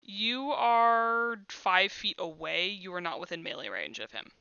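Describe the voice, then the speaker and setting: A woman narrating as game master of a tabletop game, with quick, descriptive narration. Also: medium pitch, animated, gravelly, sharp tone, smooth, no echo, muffled recording.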